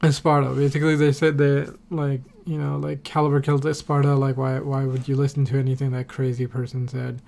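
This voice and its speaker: A man's voice: medium pitch, completely flat delivery, a little fast, creaky, hardly any pauses, darkish tone. A man recapping a TV episode on a podcast in a casual, rambling way, full of fillers and casual swearing. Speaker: podcast host.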